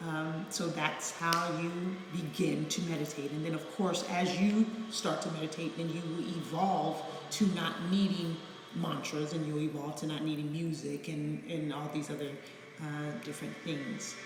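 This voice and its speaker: A woman's voice: low voice, level tone, moderate pace, background noise. A woman counselor teaching meditation in a casual live video, talking candidly and bluntly with mild swearing. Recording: echoey room with long reverb and faint music.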